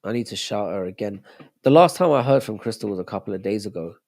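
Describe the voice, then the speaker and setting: A man's voice: fairly low pitch, animated, fast, darkish tone. A young man hosting a casual live stream, chatting loosely and answering viewers' messages as he reads them out. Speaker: livestream host.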